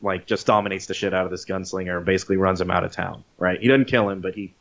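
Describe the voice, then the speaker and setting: Male podcast co-host, lowish voice, casual profane storyteller, dull lo-fi audio. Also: quick pace, creaky. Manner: animated storyteller, swears freely, acts out quotes. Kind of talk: casual chat retelling a movie.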